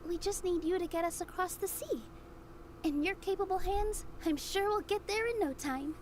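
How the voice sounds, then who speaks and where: A woman voicing a tiny, chirpy, excitable female fairy companion in a video game, with a squeaky childlike voice. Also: normal speed, a little hiss or hum. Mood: cheery. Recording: game audio under steady ambience.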